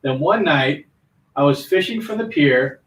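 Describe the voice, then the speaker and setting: Producer reading letter aloud, plain steady voice, lightish pitch, off mic. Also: male voice, a little slow, reverberant, recorded from a distance, rough recording. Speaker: show producer reading viewer question.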